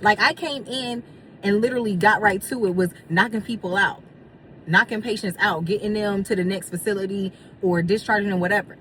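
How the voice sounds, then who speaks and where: A young woman talking casually to her vlog camera, venting about work with animated storytelling and quoted dialogue. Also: mid-range voice, brisk, far from the mic, a little hiss or hum. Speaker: vlogger. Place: in a car and a hotel.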